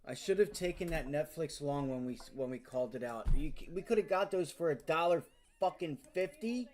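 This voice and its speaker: A man's voice: fairly high pitch, animated, normal speed, darkish tone. A man hosting a live day-trading stream, frustrated and swearing, muttering to himself as he talks to viewers. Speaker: day trading livestream host.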